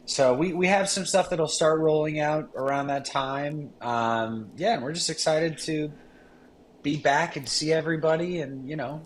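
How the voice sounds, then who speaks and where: A man guesting on a casual talk show, easygoing and quick to laugh. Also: fairly high pitch. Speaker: guest, cigar company representative. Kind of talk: casual chat.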